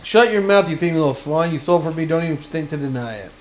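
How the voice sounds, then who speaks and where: A man playing a bullying merchant, sneering, threatening, a bit raised in pitch, loud, video game voice. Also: expressive, fast talker, close to an everyday voice. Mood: menacing.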